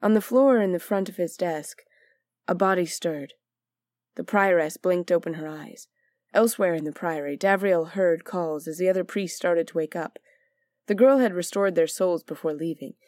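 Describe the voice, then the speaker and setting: A woman narrating a fantasy story aloud in a measured, expressive way. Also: on the low side, no room sound, clean studio sound. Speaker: audiobook narrator.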